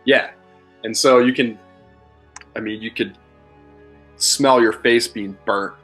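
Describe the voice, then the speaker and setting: Candid, bright-voiced man telling stories. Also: mid-range voice, steady tone, slow, breathy edge, faint music behind. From Philadelphia, USA. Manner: candid rambling storyteller, swears freely. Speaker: podcast guest. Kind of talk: casual chat.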